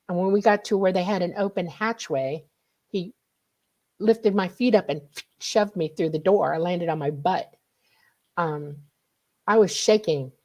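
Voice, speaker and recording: Woman, middle-aged, from the United States, radio guest, animated personal storytelling, acts out her own reactions. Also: fairly low pitch. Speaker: guest, contactee.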